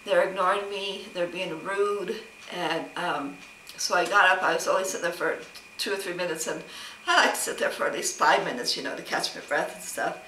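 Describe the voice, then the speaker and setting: Bright-voiced woman venting a grievance. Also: on the low side, brisk, distant mic, slight background noise. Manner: rambling, aggrieved retelling with many quoted exchanges. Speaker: vlogger. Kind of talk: casual personal storytelling vlog. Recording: roomy, off-mic with faint ambience.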